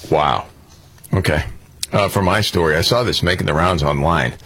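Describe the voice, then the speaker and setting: A man's voice: low voice, normal speed, slightly rough. A man hosting a radio show, chatting casually and telling stories with easy fillers. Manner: relaxed storytelling with fillers.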